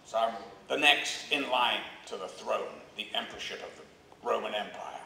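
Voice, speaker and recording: An older man from England, telling animated stories to a convention crowd and acting out the voices of others. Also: lowish voice, normal speed, vocal fry, a little hiss or hum. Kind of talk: anecdote to a live audience. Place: convention hall stage. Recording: echoey hall, mic from a distance, crowd laughing. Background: audience laughter.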